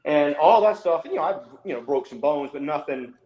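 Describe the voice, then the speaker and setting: A man's voice: moderate pace, muffled recording. Echoey, swearing male podcast guest. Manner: animated, swears freely, acts out quotes in a higher voice. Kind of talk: casual storytelling. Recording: roomy echo.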